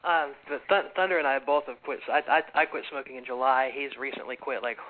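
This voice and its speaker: A man's voice: mid-range voice, steady tone. Rambling male talk-radio host. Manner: rambling, halting. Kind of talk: casual talk-radio chat. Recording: tinny phone-like radio audio.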